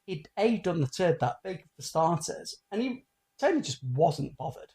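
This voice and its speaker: A man's voice: a little high, moderate pace. A man in his forties co-hosting a casual comedy podcast, telling crude jokes and stories and acting out the voices of the people in them. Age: 40s. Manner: animated storyteller, acting out quoted voices; crude, joking. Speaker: podcast co-host.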